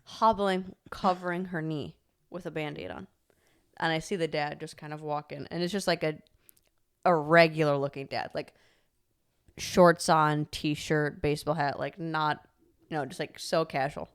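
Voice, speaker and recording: A young woman co-hosting a podcast, telling a story in animated casual chat, full of "like" and laughter. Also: low voice, normal speed, clean tone. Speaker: podcast co-host.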